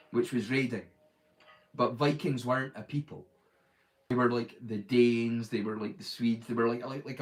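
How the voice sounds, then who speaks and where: A man with a medium-pitched voice hosts a live stream as streamer, chatting casually and rambling, often saying "like" and restarting his sentences. The recording quality is low.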